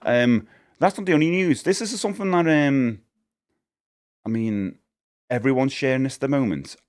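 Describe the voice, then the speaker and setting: A man's voice: mid-range voice, moderate pace, darkish tone. A man chatting casually to his live-stream viewers. He rambles and corrects himself as he goes, and he laughs often. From United Kingdom.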